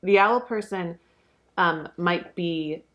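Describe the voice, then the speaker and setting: A young woman tarot reader talks through a card reading loosely and slowly, dropping fillers and casual swears. Her voice is a little low for a woman with a fairly bright tone, and the sound is lo-fi.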